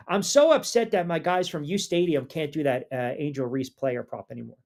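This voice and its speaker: A man hosting a live sports talk show, reading listener comments aloud and answering them in an animated, conversational way, his pitch rising when he gets fired up. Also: normal speed, hardly any pauses. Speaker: sports talk radio host.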